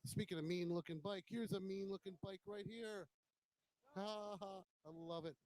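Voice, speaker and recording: A man's voice: high-pitched, fairly even intonation, fairly quick, darkish tone, rough recording. A man hosting a motorcycle vlog, walking around a bike show with a handheld camera and giving casual, admiring commentary on each bike, now and then swearing bluntly. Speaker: motovlog host.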